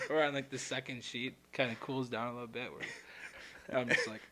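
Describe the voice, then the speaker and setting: A man co-hosting a casual podcast, telling animated stories with frequent laughter and casual swearing. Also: medium pitch, moderate pace. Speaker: podcast co-host. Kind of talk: casual storytelling chat.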